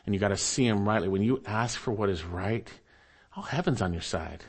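A man's voice: on the low side, fairly quick, husky. A man preaching a sermon to his congregation, reading scripture aloud and earnestly repeating his key phrases. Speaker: pastor.

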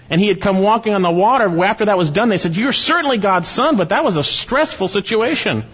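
Preaching man in a reverberant hall. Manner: earnest, rhetorical questions, lowers voice for scripture quotes. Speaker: pastor. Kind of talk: expository sermon. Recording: dull, reverberant hall sound.

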